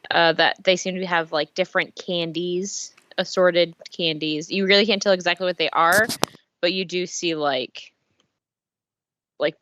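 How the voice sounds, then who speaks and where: A woman's voice: on the low side, fairly even intonation, measured pace, a bit bright, dull audio. A woman narrating a tabletop game as game master, describing the scene loosely with many fillers.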